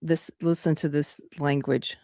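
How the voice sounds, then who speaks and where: A woman's voice: sits low, steady tone, measured pace, vocal fry, dark tone, no echo, clean studio sound. A woman hosting live-streamed political commentary in an indignant, sarcastic manner. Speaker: host.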